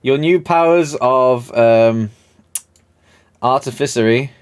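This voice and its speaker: A man's voice: mid-range voice, slow, clear, resonant tone. A man running a tabletop game as game master, narrating the scene and ruling on rolls in a rambling way with many fillers and frequent laughter.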